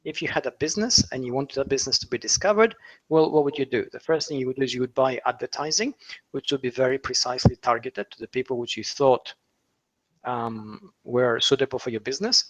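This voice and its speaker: A man's voice: medium pitch, brisk, low-quality recording. A man explaining online concepts in a talk, with frequent fillers, restarts and rhetorical questions. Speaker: SEO author and speaker.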